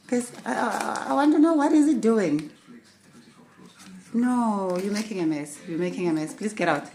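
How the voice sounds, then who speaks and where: Lively woman scolding her parrot playfully. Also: fairly high pitch, moderate pace, pauses often, a little hiss or hum. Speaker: pet owner filming her parrot. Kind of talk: casual home video talk.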